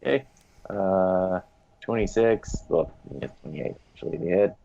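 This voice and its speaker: Tabletop game player: a man with a very deep voice and a hesitant manner, recorded on a dull, lo-fi mic. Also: unhurried, creaky, dark tone. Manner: hesitant, full of ums while tallying dice. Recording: dull lo-fi mic with faint noise.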